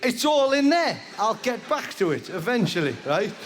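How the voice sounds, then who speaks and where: High, lively-voiced male stand-up comedian. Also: normal speed, in a large hall. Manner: rambling, animated storytelling with constant "right?" tags. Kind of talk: live stand-up routine. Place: live comedy venue with audience. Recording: live venue with background noise.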